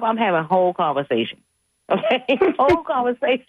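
Animated woman storyteller on a phone line. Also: mid-range voice, fast talker, no echo. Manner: animated storyteller, laughs often, acts out voices. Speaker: radio co-host. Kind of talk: casual storytelling chat.

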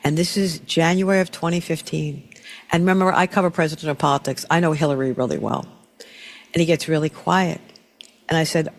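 A middle-aged man hosting an interview, telling stories in a lively, restarting way. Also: a little high, fairly quick. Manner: storytelling, animated with frequent restarts. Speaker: talk show host. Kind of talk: casual conversational interview.

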